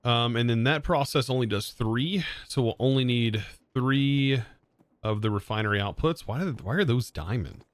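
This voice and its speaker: A man's voice: mid-range voice, lively intonation, normal speed, no room sound. A young man streaming a game live, thinking aloud in a hesitant way and often correcting himself mid-sentence. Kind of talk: live gameplay commentary.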